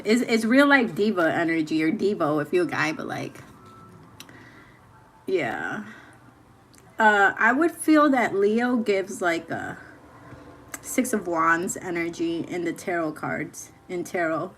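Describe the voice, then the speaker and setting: A young woman talks casually and candidly, full of slang and swearing. Her voice sits at an ordinary middle pitch. A faint hiss of background noise lies under the recording. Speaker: host. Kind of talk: casual chat.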